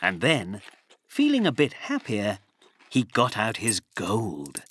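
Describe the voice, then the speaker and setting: A man narrating a children's storybook in an expressive, sing-song reading voice. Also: fairly low pitch, takes it slowly, breathy edge.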